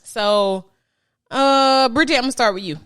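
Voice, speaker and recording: Woman host for a loose chat show, lively and jokey, pitched a bit high. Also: moderate pace, smooth. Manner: laughs often, animated and playful. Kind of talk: casual chat.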